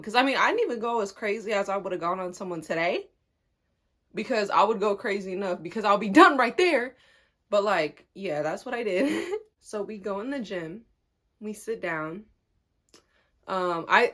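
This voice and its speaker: Animated young woman telling a story. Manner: animated, laughs often, swings pitch high when amused. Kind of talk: casual storytime chat.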